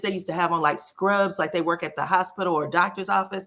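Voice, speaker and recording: A woman hosts a casual live gossip stream, talking straight to her viewers. Her voice is bright and forceful. She chats and exclaims as she reads their comments aloud. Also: lowish voice, fairly quick, few pauses. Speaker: celebrity gossip host.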